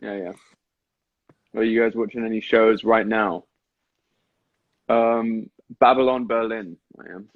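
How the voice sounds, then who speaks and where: A man's voice: lowish voice, fairly even intonation, a little slow, long pauses, no room sound, phone-quality sound. A young man chatting in a laid-back, slangy way and swearing casually on a livestream. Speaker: co-host on a livestream. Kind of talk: casual chat.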